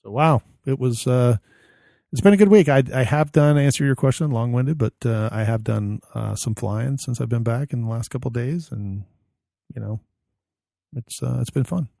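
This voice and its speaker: A man's voice: medium pitch, moderate pace, gravelly, dark tone, no room sound, studio quality. A man co-hosting a podcast in casual chat, a rambling storyteller who acts out the voices of people in his anecdotes. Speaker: podcast co-host.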